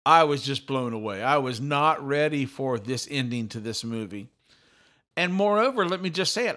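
A middle-aged man hosts a podcast with rambling excitement and keeps restarting his sentences. His voice sits fairly high for a man. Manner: animated, talkative, repeats himself. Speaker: podcast host. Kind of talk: excited casual chat.

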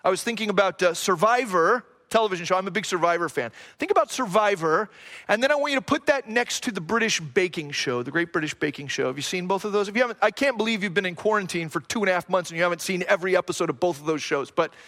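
High-voiced pastor preaching earnestly. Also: male voice, animated, fast talker, a bit bright. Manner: earnest, repetitive preaching cadence with rhetorical questions; self-deprecating asides, jokes about his own accent. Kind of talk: sermon.

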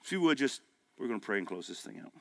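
A man preaching a sermon at a men's breakfast, folksy and emphatic, climbing to loud peaks. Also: medium pitch, big pitch swings, fast. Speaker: pastor. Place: men's breakfast gathering hall.

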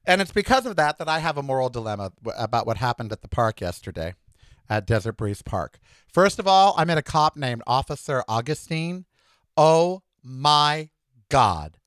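A man hosting his own podcast, telling a personal story in a chatty, animated way and acting out both sides of quoted conversations. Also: on the high side, clear, resonant tone, no room sound, studio quality. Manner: chatty, animated, talks back and forth with himself in quoted dialogue. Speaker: podcast host. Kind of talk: casual monologue storytelling.

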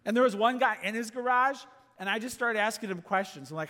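A man preaching a sermon as pastor, asking rhetorical questions and going quiet for quoted asides. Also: high voice, steady tone, fast. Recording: long echo of a large hall.

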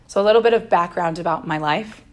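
Young woman speaker, earnest and gentle, slightly low voice. Faith talk. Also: quick pace. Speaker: guest speaker.

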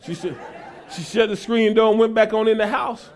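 Male pastor, very high voice, folksy sermon building to shouts. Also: fairly even intonation, moderate pace, some chatter behind. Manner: builds from casual asides to shouted preaching; folksy, talks to the congregation as y'all.

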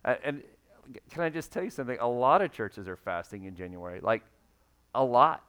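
A man delivering a sermon from the pulpit in a relaxed, conversational manner. His voice sits at a middle pitch, and he reads scripture aloud and sometimes acts out the people he quotes. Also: fairly quick, smooth. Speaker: pastor.

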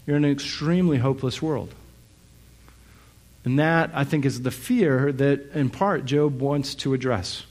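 A middle-aged male pastor preaching a sermon, reflective and searching, who asks many rhetorical questions and pauses on fillers. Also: mid-range voice, a little mellow.

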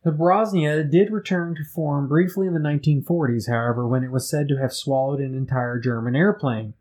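A man's voice: on the high side, fairly even intonation, a little fast, darkish tone, poor audio. A man co-hosting a casual podcast, reading out folklore news and breaking in with joking asides. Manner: jokey, riffs and interrupts with asides. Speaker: guest co-host.

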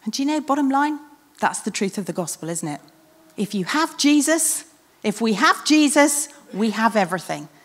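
A woman preaching a sermon in an earnest, reflective way, with emphatic repetition and often dropping to a soft hush. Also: a little high, sing-song, normal speed. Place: church hall. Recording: church hall with long reverb.

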